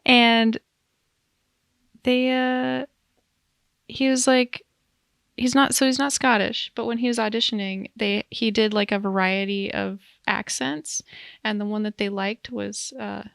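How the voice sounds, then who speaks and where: Woman co-host, casual and chatty, laughs at her own tangents, vocal fry, dry recording. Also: a little high, little pitch movement, measured pace, a bit bright, no room sound. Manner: chatty, giggly, rambling asides. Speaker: podcast co-host. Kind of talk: casual chat.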